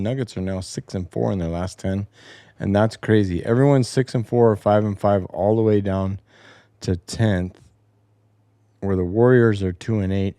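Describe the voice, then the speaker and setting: A man talking through the standings and schedule as the host of a casual sports show, rambling and opinionated with some swearing. His voice sits on the low side. The sound is dry and close, from a home basement. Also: warm tone, no room sound. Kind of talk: casual solo sports commentary.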